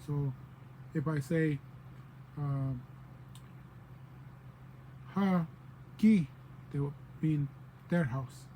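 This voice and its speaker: A man with a somewhat high, mellow voice gives a loose, informal language lesson. He wanders between examples and fills pauses with "um," slipping into playful voices when he quotes people. A faint hiss sits behind him. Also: poor audio. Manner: relaxed and digressive, with many fillers and playful quoted voices. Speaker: language teacher.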